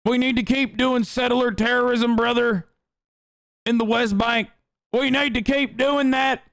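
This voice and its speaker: A man's voice: very high voice, steady tone, measured pace, fairly bright tone, no echo, pitched above the performer's own voice. A man putting on a mocking voice of a blustering, aggressive male hardliner who talks in a bullying, pushy way.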